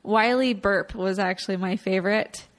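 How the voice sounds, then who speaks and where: A woman's voice: medium pitch, steady tone, normal speed. A woman co-hosting a podcast, chiming in with amused comments on a film. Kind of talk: casual film-review chat.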